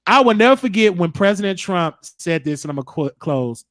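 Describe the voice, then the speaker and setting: High-voiced man ranting bluntly on his show. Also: expressive, brisk, a bit bright, dry recording, clean studio sound. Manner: rambling, blunt, freely cussing. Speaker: show host. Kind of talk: casual livestream chat.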